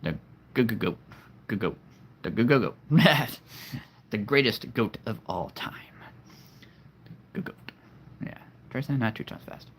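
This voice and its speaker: A man hosting a casual livestream, chatting with viewers, laughing often and jumping up in pitch when excited. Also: takes it slowly, long pauses, a little hiss or hum. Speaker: livestream host. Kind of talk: casual livestream chat reading comments.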